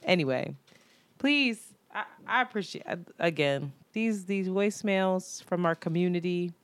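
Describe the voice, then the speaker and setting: A woman's voice: lowish voice, measured pace, no room sound. A woman co-hosting a podcast in casual chat, slangy, laughing often and talking freely. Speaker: podcast co-host.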